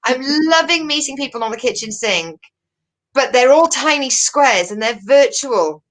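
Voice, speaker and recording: A woman co-hosting a casual online chat show, chatty and giggly with quick asides. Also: sits high, animated, poor audio. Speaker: co-host.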